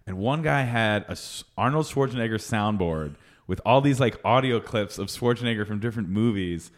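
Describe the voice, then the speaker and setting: A man's voice: lowish voice, moderate pace. Laughing, chatty man hosting. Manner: laughs a lot, animated storytelling. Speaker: podcast host. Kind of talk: casual chat.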